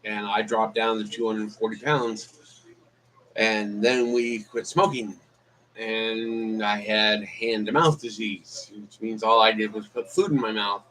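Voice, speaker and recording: A man's voice: on the low side, steady tone, takes it slowly, a bit bright, slight background noise, poor audio. A man chatting casually on a live stream as a vlogger, rambling with many fillers and restarts. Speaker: YouTube vlogger.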